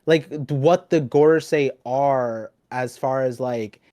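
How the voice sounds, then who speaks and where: A young adult man hosting a casual podcast chat, talking in an animated, rambling way with lots of restarts. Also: medium pitch, slow, no echo. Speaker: podcast host.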